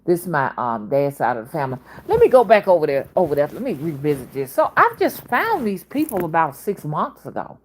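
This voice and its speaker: A woman's voice: low-pitched, wildly swooping pitch, fairly quick, hardly any pauses, a little hiss or hum. A woman in her fifties with a Southern accent, talking in a casual, rambling monologue that jumps between topics. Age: 50s. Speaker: spiritual reader and channel host.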